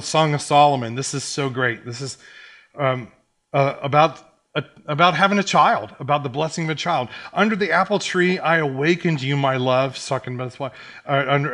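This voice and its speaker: A middle-aged man preaching a sermon, telling a personal story and acting out the quotes. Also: mid-range voice. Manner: animated storyteller, acts out quotes. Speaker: pastor.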